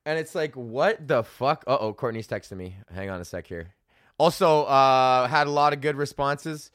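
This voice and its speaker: A young man, a stand-up comic hosting his own podcast, ranting in a loose, profane, animated way and acting out what people said. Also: medium pitch, normal speed, dry recording, studio quality. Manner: animated, swears constantly, acts out quotes. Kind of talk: casual profane rant.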